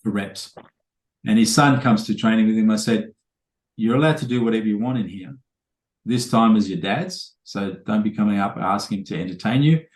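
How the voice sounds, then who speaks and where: Low-voiced man telling stories. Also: normal speed, echoey room. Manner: casual, rambling anecdotes with quoted dialogue. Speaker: trainer. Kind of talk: storytelling in a podcast interview.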